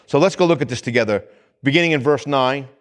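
A man's voice: mid-range voice, fast. A man, a pastor, giving a conversational sermon that repeats phrases and asks the congregation questions.

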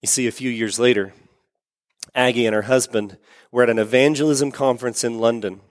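A man's voice: medium pitch, steady tone, fairly quick. A man preaching a sermon, telling a story earnestly and repeating words for emphasis. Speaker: pastor. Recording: long reverb of a large hall.

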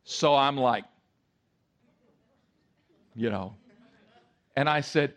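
A male pastor preaching a sermon, telling a story in a lively way and acting out voices and sounds. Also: medium pitch, takes it slowly, pauses often.

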